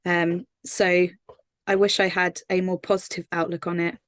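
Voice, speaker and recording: Woman singer-songwriter, low flat delivery, thoughtful and earnest, dry recording. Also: normal speed, dry recording. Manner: earnest, thoughtful, many fillers and restarts. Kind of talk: casual interview answers.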